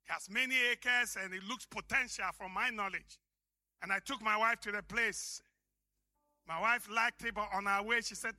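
A male pastor from Africa preaching a sermon, telling stories and shouting key lines for emphasis. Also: high voice, moderate pace, no room sound.

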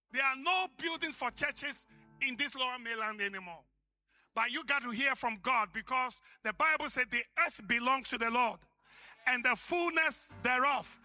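High-voiced, bright preaching pastor. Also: male voice. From Africa. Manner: preaching with dramatic pauses and shouted emphasis. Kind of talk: sermon.

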